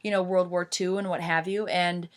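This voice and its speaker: Brief: lower-voiced woman teacher, loose lecture style, lots of "um" and "you know". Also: flat delivery, moderate pace. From United States. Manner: chatty, many fillers and restarts. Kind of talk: informal history lecture.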